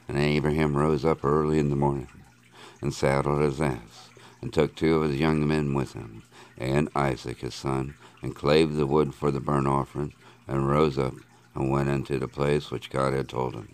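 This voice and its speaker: Extremely deep-voiced man reading scripture. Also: smooth. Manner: measured, steady reading of archaic scripture. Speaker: Bible reader.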